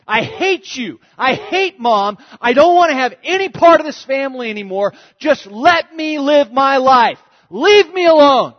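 A man voicing an angry, defiant teenage boy who yells in outrage. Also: very high-pitched, very animated, takes it slowly, hardly any pauses, voice pushed up, exaggerated voice. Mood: furious. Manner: yelling, outraged. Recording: dull echoey hall recording.

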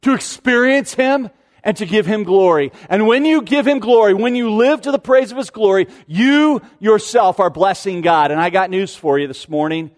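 A man's voice: high-pitched, normal speed, in a large hall. A man in his forties preaching a sermon to his congregation in a conversational way, often restarting his sentences and asking rhetorical questions. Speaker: pastor.

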